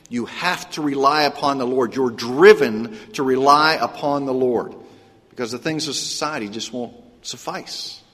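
A man of middle pitch preaches a sermon in a husky, slightly breathy voice. He keeps asking his listeners questions and waits for them to answer. His voice rings out with a long echo, as in a large hall. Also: a bit bright. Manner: quizzes the congregation with questions. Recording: echoey hall with long reverb.

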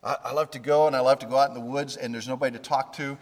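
A man's voice: mid-range voice, steady tone, very fast. A man preaching a conversational sermon, voicing the pleas of scripture figures. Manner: conversational, with restarts and quoted pleas to God. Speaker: pastor. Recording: reverberant hall.

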